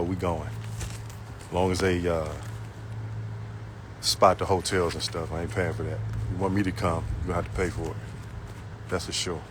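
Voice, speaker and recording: A man with a lowish voice chats in relaxed slang with his live viewers. He's outdoors on a roof, talking into a phone. Wind and traffic noise sit clearly behind him. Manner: laid-back slangy talk to viewers. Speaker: power washing contractor. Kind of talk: casual live-stream chat while working.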